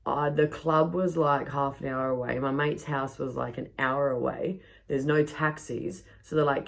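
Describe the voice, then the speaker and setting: A woman's voice: low-pitched, fairly even intonation, normal speed. A young woman hosting a podcast outdoors, telling a story in a rambling, casual way, swearing a lot and filling her speech with "like". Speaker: podcast host. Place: backyard outdoors.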